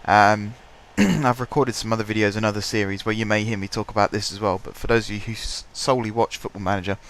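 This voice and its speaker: Man, stuffy blocked-up voice, fairly low, chatty game commentary, faint room hum behind. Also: steady tone, quick pace, a bit bright. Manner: chatty, self-deprecating, clears his throat often. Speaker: gaming commentator. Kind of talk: casual let's-play commentary.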